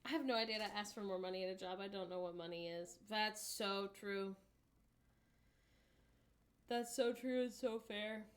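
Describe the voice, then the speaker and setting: A woman's voice: mid-range voice, moderate pace, long pauses. A woman co-hosting a casual livestream, rambling along with lots of "um" and "like". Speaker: livestream co-host.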